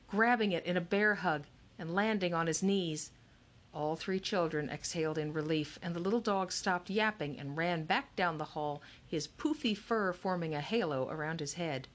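A woman narrating an audiobook in a measured storytelling way. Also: fairly low pitch. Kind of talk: audiobook reading.

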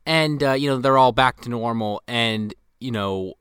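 Man, bright tone, dry close sound, casual film recap, hesitant fillers. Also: medium pitch, normal speed, smooth, dry recording. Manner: hesitant, lots of "you know". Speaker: podcast co-host. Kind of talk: casual movie recap chat.

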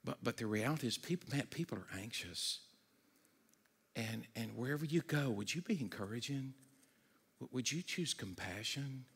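A man preaching a sermon as a pastor, conversational and energetic, with humorous asides and stammered restarts, sometimes dropping low and quiet for serious points. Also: normal speed, creaky, husky, long reverb tail.

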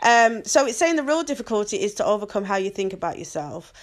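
A woman's voice: medium pitch, big pitch swings, fast talker. Young female co-host; casual, giggly, leads the questions. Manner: chatty, giggly, asks the questions. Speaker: podcast co-host. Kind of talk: casual chat.

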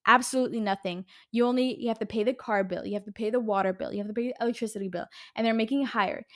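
A woman's voice: a little high, racing, hardly any pauses. A woman in her twenties, a podcast host, ranting heatedly in casual talk, swearing and using a lot of fillers. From California. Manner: heated, profane, uses lots of fillers. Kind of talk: casual solo podcast rant.

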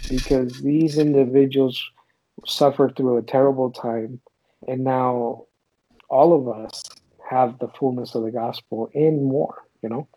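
A man's voice: medium pitch, fairly even intonation, unhurried, mellow, no echo, low-quality recording. A man speaking earnestly and a little hesitantly in a casual scripture discussion. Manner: earnest, searching, hesitant fillers. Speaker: scripture study discussion participant.

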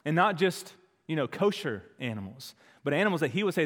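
A man's voice: on the high side, very animated, fairly quick, fairly bright tone, long reverb tail. A man pastor preaching a sermon, building to emphatic, rising intensity and acting out the quotes he tells. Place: church sanctuary.

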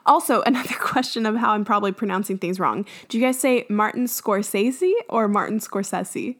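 A young woman chats casually as a podcast co-host, her voice sitting a little high. She talks easily and laughs often as she goes. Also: fast, fairly bright tone. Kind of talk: casual chat.

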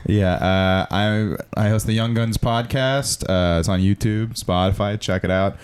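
A young man, a comedian, chatting casually on a podcast, joking and slipping into quick impressions. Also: on the low side, clean tone. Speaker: comedian guest.

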